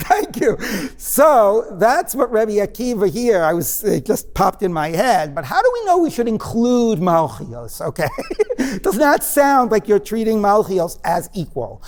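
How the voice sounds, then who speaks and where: A man's voice: high-pitched, sing-song, a little slow, darkish tone. Man lecturing in an echoey hall. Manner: questioning the class, conversational with digressions and fillers. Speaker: rabbi teaching a class. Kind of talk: interactive text-study lecture.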